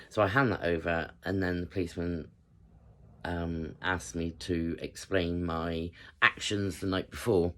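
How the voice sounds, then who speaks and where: A woman in her fifties from England with a notably low voice tells a personal story in a casual, chatty way. She rambles, pausing often on fillers as she goes. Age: 50s. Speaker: vlogger.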